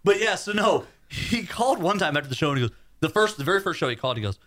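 A man co-hosting a casual podcast, telling stories with lots of energy. His voice is bright and sits a bit high, and he jumps into loud, shouted impressions of the people he talks about. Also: quick pace. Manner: animated storyteller, does loud shouting impressions. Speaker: podcast co-host. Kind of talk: casual chat.

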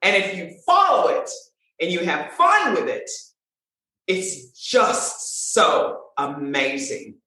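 A woman voice coach talking in a lively conversational way, with expressive, swooping emphasis. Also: fairly low pitch, slow pace. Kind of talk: animated conversational talk. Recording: very echoey room.

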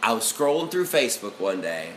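Animated, excitable man in an echoey room. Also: on the low side, a little fast. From Alabama. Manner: profane, excitable, swings into loud shouting bits. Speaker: podcast co-host. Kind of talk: casual chat. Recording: echoey room with faint ambient noise.

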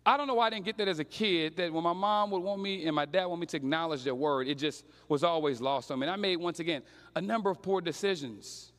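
High-voiced young preacher, storytelling. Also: male voice, fast, few pauses, fairly bright tone, big-room sound. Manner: conversational, storytelling, slangy. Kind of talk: sermon.

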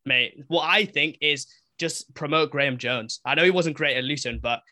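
A young man from Newcastle talks football as a podcast guest. His voice is very bright and edgy, a touch higher than most men's. He gives his views bluntly and with energy. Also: moderate pace. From Newcastle, England. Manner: blunt, animated football opinions. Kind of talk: casual podcast chat.

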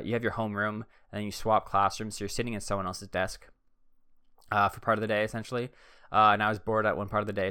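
A man's voice: fairly low pitch, sharp tone, clear, resonant tone, no room sound, studio quality. A man in his thirties telling stories in a casual, rambling, laid-back way, with many fillers. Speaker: vlogger. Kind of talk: casual storytelling.

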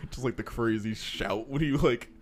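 Slow, halting male tabletop player. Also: medium pitch, over music. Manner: hesitant, halting delivery. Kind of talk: playing a tabletop game.

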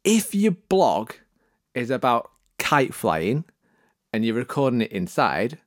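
In a comic tutorial monologue, a man hands out podcast production tips with jokey mock seriousness, theatrical and prone to sudden vocal swoops. His medium-pitched voice moves slowly with wide pitch swings, recorded cleanly in a studio without echo.

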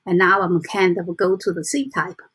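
A woman giving a casual motivational talk to her viewers, soft and halting, with frequent restarts and slow deliberate reading aloud. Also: fairly low pitch, level tone, husky. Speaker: self-help vlogger.

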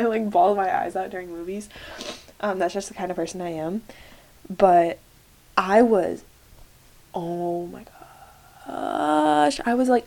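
A woman's voice: mid-range voice, warm tone. A young woman hosting a solo podcast, chatting casually and gushing, with lots of "like" and "um". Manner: gushing, many fillers like "like" and "um". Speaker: podcast host.

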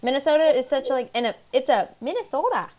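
A woman's voice: sits high, expressive, fast, darkish tone. A young woman co-hosting a podcast, chatting casually with a giggly, rambling, blunt way of talking. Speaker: podcast co-host. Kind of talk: casual chat.

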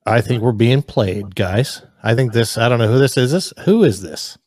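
A man's voice: mid-range voice, lively intonation, normal speed, darkish tone, no echo, clean studio sound. A man hosting a debate show, blunt and confrontational, cutting in to challenge the caller. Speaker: show host. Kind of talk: heated live-stream debate.

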